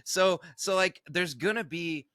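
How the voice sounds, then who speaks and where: A man co-hosting a podcast in casual chat, animated and laughing often. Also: high-pitched, a little slow, no room sound, clean studio sound. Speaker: podcast co-host.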